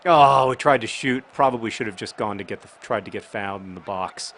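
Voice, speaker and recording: A man's voice: fairly low pitch, brisk. Rambling, jokey man commenting on a game. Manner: rambling, jokey, bursts of excited shouting. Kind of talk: casual gaming commentary.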